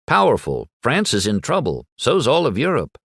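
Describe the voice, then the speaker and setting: A man's voice: mid-range voice, huge pitch swings, normal speed, a bit bright, no room sound, pitched above the performer's own voice, heavily acted. A man voicing an earnest teenage schoolboy who speaks with confident certainty. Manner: earnest and sure of himself.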